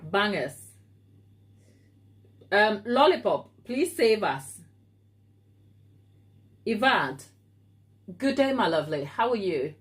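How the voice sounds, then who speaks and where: A woman from Africa hosts a live baking stream from her home kitchen, speaking slowly with a medium-pitched, very animated voice and pausing often. She reads viewer comments in casual chat, playfully teasing people by name.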